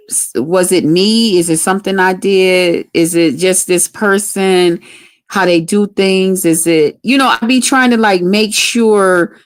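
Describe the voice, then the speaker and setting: A woman telling a personal story to her livestream viewers in casual, frank talk, cursing freely and speaking straight to the audience. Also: medium pitch. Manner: candid, profane, addresses viewers directly. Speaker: livestream host.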